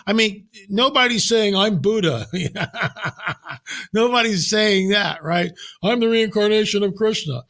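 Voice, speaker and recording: An older man speaking as a podcast guest, telling stories in an emphatic, animated way with sudden exclamations. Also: sits high. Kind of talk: casual podcast conversation.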